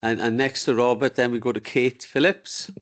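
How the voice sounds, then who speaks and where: Man, committee chair, informal and joking, mid-pitched voice, desk mic in a council meeting room. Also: steady tone, normal speed.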